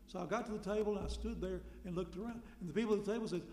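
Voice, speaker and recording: A man preaching a sermon in a conversational way, asking rhetorical questions and suddenly getting loud for emphasis. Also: high-pitched, racing, a little hiss or hum. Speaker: pastor. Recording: echoey hall with long reverb.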